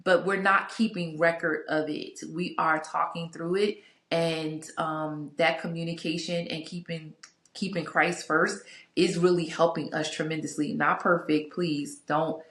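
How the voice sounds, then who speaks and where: A woman's voice: sits low, flat delivery, unhurried, fairly bright tone. A woman talking candidly to her viewers about her relationship, chatty and open, with frequent asides and fillers. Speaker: vlogger sharing a couples Bible study. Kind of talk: casual reflective talk to camera. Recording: echoey room.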